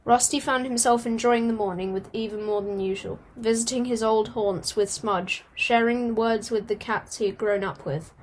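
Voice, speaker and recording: A woman reading a storybook aloud at a steady pace, now and then stumbling and starting a phrase again. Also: fairly high pitch, normal speed, few pauses, a little hiss or hum. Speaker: audiobook reader.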